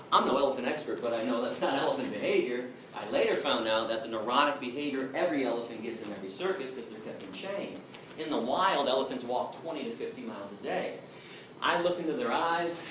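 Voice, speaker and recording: A middle-aged man giving an impassioned, emphatic talk to a crowd, telling his story. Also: medium pitch. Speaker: activist speaker. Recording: distant echoey room with noise.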